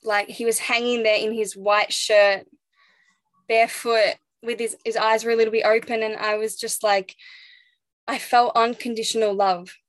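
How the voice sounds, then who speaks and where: A young pregnant woman telling a personal story as an interview guest, reflective and halting, with restarts and soft laughs. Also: a little high, flat delivery, no echo.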